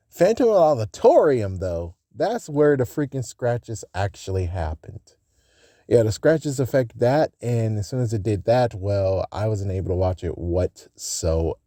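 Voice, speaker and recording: Rambling man with a mellow, dry voice. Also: no room sound. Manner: rambling, self-correcting, swears casually; gets loud and high when ranting. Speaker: fan channel host. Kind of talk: casual unscripted fan vlog.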